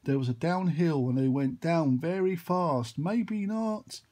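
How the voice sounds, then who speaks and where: Man, husky voice, rambling storyteller, excited sound effects. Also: on the high side, a little slow. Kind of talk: improvised storytelling.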